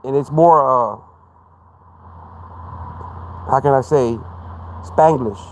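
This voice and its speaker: A man's voice: medium pitch, measured pace, slight background noise. A man with a Texan accent hosting a live podcast, talking in a rambling monologue that stumbles over repeated words and keeps saying "man.". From Texas. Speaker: podcast host.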